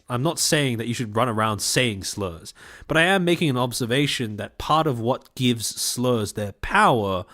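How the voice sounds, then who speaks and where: A man's voice: mid-range voice, a bit bright. A young man with a light Australian-born Chinese accent talks casually to his stream chat. His presenter voice is precise and carefully articulated, though loose fillers slip in between the points.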